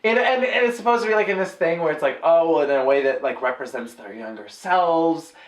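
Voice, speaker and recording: A woman with a low, lively voice chatting about a film, animated and often laughing. Her pitch swings widely as she talks. The recording sits in an echoey room. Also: fairly quick. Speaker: podcast co-host. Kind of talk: casual movie review chat.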